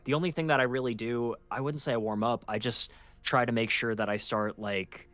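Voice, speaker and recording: A man who narrates horror stories, calmly explaining his habits as a guest in a casual podcast chat. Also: mid-range voice, no echo, faint music behind. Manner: measured, explanatory, soft projected delivery.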